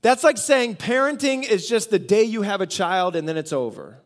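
A man's voice: sits high, expressive, normal speed. A pastor from the United States giving a conversational sermon, asking rhetorical questions and often repeating phrases as he builds a point.

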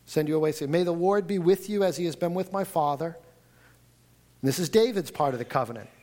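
A man preaching a sermon, reading scripture aloud and retelling the story in an animated, conversational way with frequent restarts. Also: fairly high pitch, fairly quick. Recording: audio recording of a talk.

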